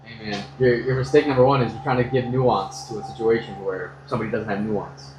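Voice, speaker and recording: An American man chatting casually during a haircut, telling animated stories and swearing freely. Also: lowish voice, quick pace, roomy sound, a crowd in the background, poor audio. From United States. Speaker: customer getting a haircut. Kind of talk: casual chat, storytelling.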